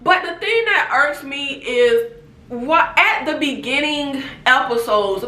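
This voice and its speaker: Sassy woman host, high lively voice, TV recap vlog in an echoey room. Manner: animated, sassy, laughs often. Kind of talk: casual review chat.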